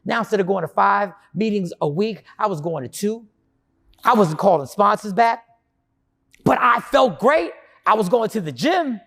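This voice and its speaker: A man's voice: high-pitched, animated, normal speed, a bit bright. A man telling a personal story in a monologue, acting out his past self and his inner voices. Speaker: storyteller recounting his own experience.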